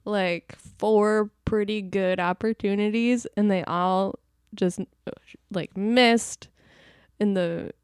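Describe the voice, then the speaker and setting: Chatty woman podcast co-host, smooth voice. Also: medium pitch, fairly even intonation, slow pace, no echo, studio quality. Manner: chatty, laughs, many fillers like "like". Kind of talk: casual chat.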